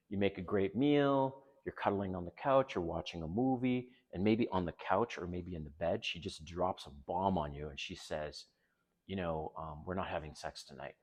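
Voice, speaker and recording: A middle-aged man hosting a channel, talking in a candid, animated casual monologue and acting out little exchanges. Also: sits low. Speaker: dating advice channel host.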